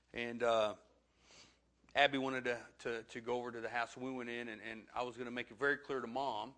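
A man's voice: mid-range voice, sharp tone. A man, preaching a sermon and telling a funny personal story with self-deprecating humor. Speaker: pastor.

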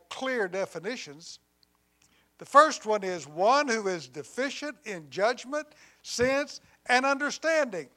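A man delivering a sermon in a high voice at an unhurried, deliberate pace. He swings from loud emphasis down to hushed, quiet lines and slips in humorous asides along the way. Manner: deliberate preaching with dramatic swings in volume, dropping to near quiet on key lines. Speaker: pastor.

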